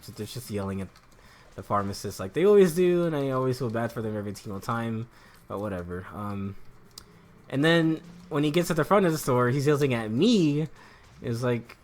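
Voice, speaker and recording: A man's voice: medium pitch, expressive, normal speed, darkish tone. A young man chatting casually while streaming a game, rambling and joking, swearing freely and laughing often. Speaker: gaming streamer. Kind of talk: casual chat while gaming.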